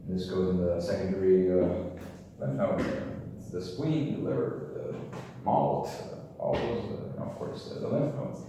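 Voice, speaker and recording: A man's voice: sits low, measured pace. A tired young man, a medical student, thinking aloud as he explains concepts at a chalkboard, rambling and joking to himself and trailing off mid-sentence. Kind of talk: casual thinking-aloud lecture. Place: room with a chalkboard. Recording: very echoey room, mic far off, faint hiss.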